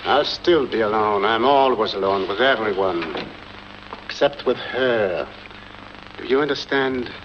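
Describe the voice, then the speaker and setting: Clinging loner, pleading tone, noisy old film audio. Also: male voice, fairly low pitch, lively intonation, a little slow. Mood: plaintive. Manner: pleading, plaintive. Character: lonely, clinging man in an old horror film. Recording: noisy, dull 1940s film soundtrack.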